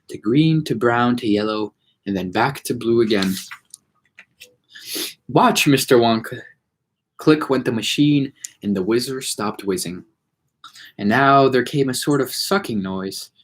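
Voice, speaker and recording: A man reading a children's novel aloud for storytime with an expressive delivery and a husky voice. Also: medium pitch. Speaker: storytime reader.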